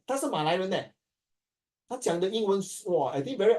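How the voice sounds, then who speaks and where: Speaking a little fast, a Singaporean male teacher tells his class a lively story, mixing languages freely and performing the quoted lines. The mic sits well away from him, so his warm, mellow, slightly high voice sounds distant.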